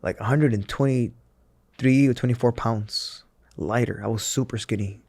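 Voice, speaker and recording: A man of middle pitch tells his own story in a loose, emotional conversational way, stumbling over restarts and leaning on "like". He acts out what others said as he goes. The sound is dry and close, with no room echo. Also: moderate pace, a little mellow. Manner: emotional, filler-heavy with frequent restarts and acted-out quotes. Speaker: interview guest, former pro wrestler.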